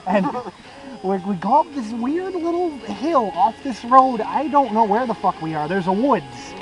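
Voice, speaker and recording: A young man with a high voice tells his friends a crude, rambling story, swearing casually and laughing at his own jokes. His pitch swings widely and he speaks a little slowly. The recording is low quality, with music playing loudly behind him.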